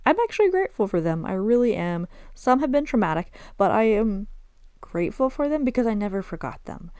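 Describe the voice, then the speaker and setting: Sing-song and fairly quick, this medium-pitched, darkish voice belongs to a Southern American woman telling stories on her own casual podcast. She's candid and self-deprecating and drops in Arabic phrases, recorded dry.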